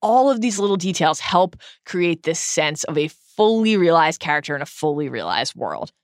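Animated woman podcast co-host. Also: deep voice, normal speed, dry recording, studio quality. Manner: animated, laughs often, eager. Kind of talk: casual book discussion.

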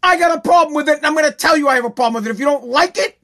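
A man hosting a podcast, ranting angrily, yelling and swearing, hammering on his points with repeated phrases. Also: extremely high pitch, very fast. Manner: yelling, profane, aggressive; repetitive, emphatic phrasing. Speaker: podcast host. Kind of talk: angry podcast rant.

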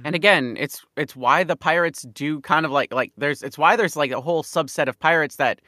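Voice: medium pitch, fairly quick, no echo, studio quality. A podcast co-host in casual chat, telling stories with laughter. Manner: animated storytelling, laughing.

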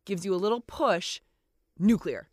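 A woman's voice: mid-range voice, unhurried, dry recording, studio quality. A woman lawyer guesting on a podcast, chatting casually and adding wry quips. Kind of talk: casual chat.

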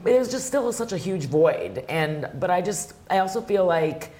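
A woman's voice: on the low side, very animated, moderate pace, warm tone. A woman wrestler as an interview guest, telling personal stories in a chatty, emotional way with lots of fillers. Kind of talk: casual interview storytelling.

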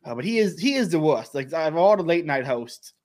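A man's voice: a little high, big pitch swings, fairly quick, a little mellow. A joking, emphatic American man hosting. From United States. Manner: joking, emphatic, self-mocking. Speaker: host. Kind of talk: casual reaction chat.

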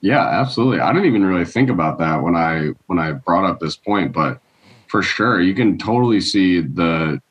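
Deep-voiced man, measured podcast co-host. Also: lively intonation, breathy edge, dull audio. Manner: measured, agreeable, searching for words. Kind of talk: casual podcast chat.

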